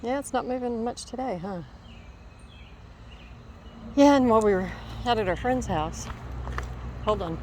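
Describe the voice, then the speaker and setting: A woman's voice: a little high, a little slow, long pauses, darkish tone. A middle-aged woman chatting casually on a rural walk, rambling between thoughts and stopping to talk to her dog. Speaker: vlogger. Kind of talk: casual walking vlog. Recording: clear outdoor background noise.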